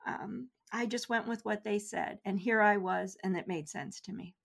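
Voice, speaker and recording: A middle-aged woman, an interview guest, recounting a personal experience in an earnest, measured way with soft laughs. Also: mid-range voice, gravelly, husky. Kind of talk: interview storytelling.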